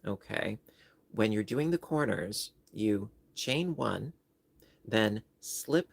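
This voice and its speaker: A man's voice: on the low side, creaky, dry recording. A man hosting a crochet livestream, chatting casually with viewers and explaining stitches step by step. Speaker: crochet channel host. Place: home livestream setup.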